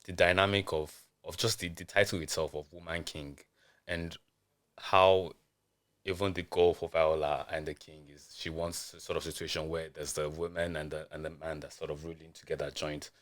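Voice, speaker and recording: A man with a very deep, low voice, taking part as a guest in a podcast chat. He thinks aloud as he goes, pausing often on "um" and rephrasing his points. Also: flat delivery, a bit bright. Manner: thoughtful, hesitant, many ums. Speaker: journalist guest. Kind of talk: casual chat.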